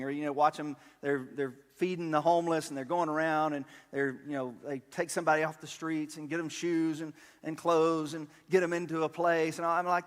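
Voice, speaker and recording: Pastor, plain talking, slightly raised voice, long church reverb. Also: male voice, fairly high pitch, fairly even intonation. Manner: conversational, halting with fillers and restarts. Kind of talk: sermon.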